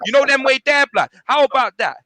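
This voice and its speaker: London man, bright, dry-sounding voice, brash and boastful football fan. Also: very high voice, lively intonation, fairly quick, no room sound. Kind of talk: heated football debate.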